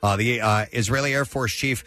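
A man's voice: medium pitch, fairly quick, pushed and bright. A man hosting a casual talk show, reading odd news stories aloud with frequent uh fillers and self-corrections. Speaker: news segment host.

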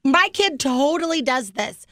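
A woman co-hosts a morning radio show from a studio, playful and quick to laugh along. Her voice is high and lively in pitch. The studio sound is close and dry. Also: no echo. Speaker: radio co-host.

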